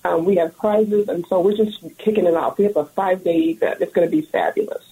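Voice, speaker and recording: A woman's voice: mid-range voice, steady tone, brisk, dark tone, slightly rough, rough recording. A woman guest on a radio talk show, speaking with enthusiasm about her lounge's event. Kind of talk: radio interview.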